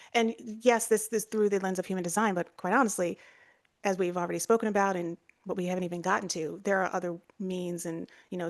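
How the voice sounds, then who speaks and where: A woman co-hosting a podcast, explaining ideas in a casual, chatty way with lots of fillers and restarts. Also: mid-range voice. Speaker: podcast co-host.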